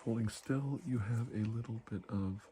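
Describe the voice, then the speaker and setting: A man in a whispered role-play as a doctor giving a calm exam, soft-spoken and gently reassuring. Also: mid-range voice, normal speed, slight background noise. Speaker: ASMR creator playing a doctor.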